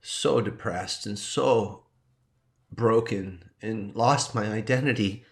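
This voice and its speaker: A man, a teacher and coach, telling a personal story in a halting, heartfelt way and pausing to compose himself as he gets choked up. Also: fairly low pitch, slight background noise. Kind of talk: emotional personal sharing.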